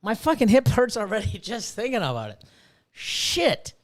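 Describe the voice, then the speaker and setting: Speaking a little fast, this man has a high-pitched voice with big swings in pitch. He's in his fifties, a snake breeder hosting a livestream where he rants casually, curses without restraint, and reads out the chat.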